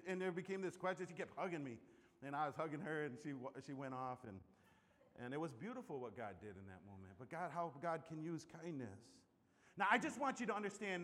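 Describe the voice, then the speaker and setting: High-voiced preaching pastor, lively storyteller. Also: male voice, in a large hall. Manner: storytelling, swings between loud bursts and hushed asides. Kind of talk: sermon.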